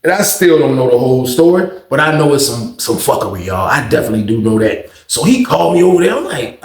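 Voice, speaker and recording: A man's voice: fast, few pauses. A man telling a casual storytime monologue, cursing and acting out the voices of the people in his story. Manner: animated, acts out voices with big pitch jumps, heavy slang and cursing. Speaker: storyteller host. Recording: roomy echo.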